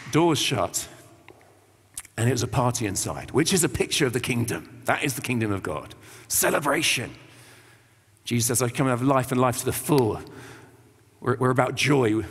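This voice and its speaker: A man's voice: medium pitch, breathy edge. A man from England giving an informal, chatty sermon, full of slang and acted-out quotes. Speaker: visiting preacher. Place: church. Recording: long church reverb.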